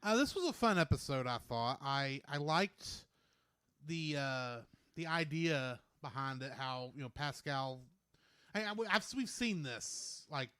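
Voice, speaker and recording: This podcast co-host, a man, trades trivia in a playful, quick-witted casual chat. His mid-range voice is animated, bright, forceful and smooth, recorded in a clean studio with no echo.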